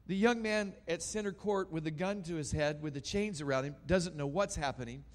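A man preaching a sermon, telling a story dramatically and swinging between loud and hushed. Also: a little high, fairly quick.

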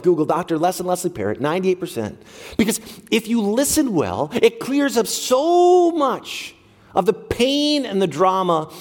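A pastor preaching a sermon, lively and talking straight to his congregation during a church service. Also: fairly high pitch. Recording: long reverb of a large hall.

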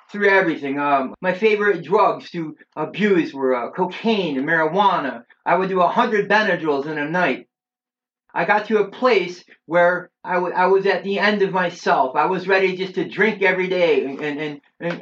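A middle-aged man giving an earnest personal religious testimony in a preachy storytelling way, often pausing with "uh". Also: sits high, a bit bright. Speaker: church member giving his testimony. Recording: dull lo-fi recording.

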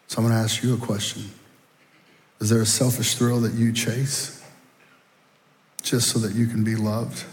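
A middle-aged man preaching a sermon, telling folksy personal stories and speaking straight to the congregation. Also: lowish voice. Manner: folksy, animated storytelling, addresses the audience directly. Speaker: guest speaker at a church. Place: church auditorium. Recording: long reverb in a large hall.

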